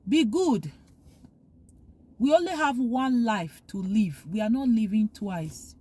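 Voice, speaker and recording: A woman's voice: on the high side, lively intonation, a little slow, mellow. A woman vlogger talking earnestly, giving heartfelt advice and repeating her points for emphasis. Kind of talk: casual opinion monologue.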